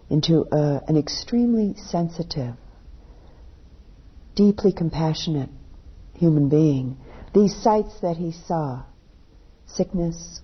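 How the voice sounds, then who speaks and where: A woman with a deep voice and a breathy edge, a meditation teacher, tells a story in a dharma talk without hurry, her voice sinking softly as phrases end. The recording is lo-fi and dull.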